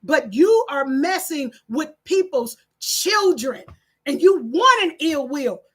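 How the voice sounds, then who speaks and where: A middle-aged woman on a live stream preaches animatedly, reading out the chat and breaking into laughs and shouts. Her voice sits high and she talks slowly.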